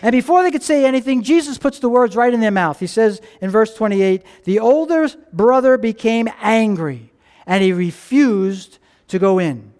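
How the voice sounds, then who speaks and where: Male pastor, very high voice, animated sermon storytelling with questions to the crowd. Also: normal speed, smooth. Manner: animated storytelling, acting out characters' lines; asks the congregation questions.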